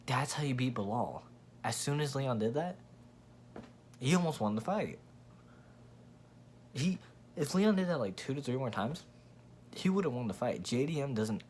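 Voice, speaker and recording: A man's voice: mid-range voice, animated, normal speed, pauses often, a little hiss or hum. A man hosting his own channel, giving a blunt, profane, rambling casual opinion rant with frequent restarts. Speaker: MMA commentary channel host.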